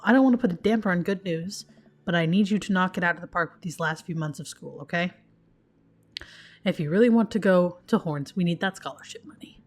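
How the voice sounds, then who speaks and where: A woman's voice: fairly low pitch, fairly quick, lightly acted. A woman voicing a goofy, sentimental middle-aged dad in a dating game, with dorky jokes. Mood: fond.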